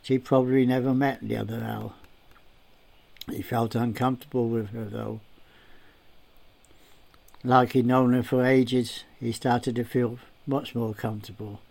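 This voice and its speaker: A man reads a story aloud, narrating in a steady, unhurried way. His delivery is plain and even, with a mid-pitched voice. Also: vocal fry.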